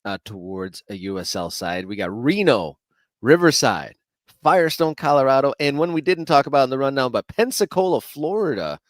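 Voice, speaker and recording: A man co-hosting a soccer talk show, speaking in a measured, halting way with fillers. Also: mid-range voice, sing-song, no echo. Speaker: soccer podcast co-host. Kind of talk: casual chat.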